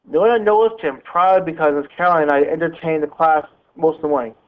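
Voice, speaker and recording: A man's voice: on the high side, fairly even intonation, fast, clean tone. Man reading aloud, tinny phone-like audio. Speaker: teacher.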